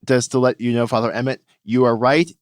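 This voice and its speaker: A man's voice: medium pitch, fairly even intonation, brisk, no echo, clean studio sound. A man co-hosting a podcast, chatting in a light, friendly way and reading out listener mail. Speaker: podcast co-host. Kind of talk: casual podcast chat.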